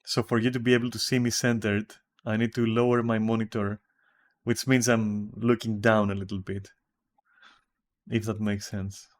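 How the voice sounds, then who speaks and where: A man's voice: fairly low pitch, flat delivery, normal speed. A man with a Greek accent chatting casually with viewers while streaming a game from home, rambling and swearing casually. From Greece.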